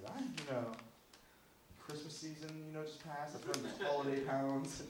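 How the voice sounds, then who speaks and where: A man's voice: a little high, fairly even intonation, normal speed, long pauses. A man doing a stand-up comedy set, rambling and self-deprecating, swearing often, heard with audience laughter. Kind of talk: open-mic stand-up set. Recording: echoey room from far off, faint noise.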